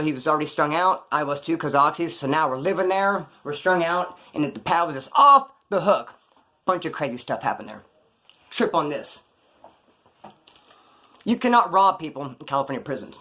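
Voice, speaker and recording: Fast-talking man telling street stories. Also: fairly high pitch. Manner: street slang, animated, acts out quoted voices. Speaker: storyteller. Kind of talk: casual storytelling.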